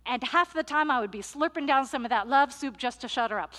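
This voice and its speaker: A fairly high-voiced woman pastor preaching with a lively, playful storytelling manner. Her words ring out with the long reverb of a large hall. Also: a little fast, hardly any pauses. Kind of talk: sermon.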